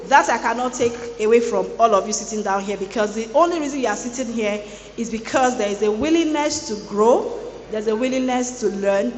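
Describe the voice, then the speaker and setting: A woman with a fairly high voice preaches to a room of students, playful and teasing as she talks. Her words bounce around an echoey large hall with a long reverb tail. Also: a little hiss or hum. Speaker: guest speaker at a student boot camp. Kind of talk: lively motivational sermon.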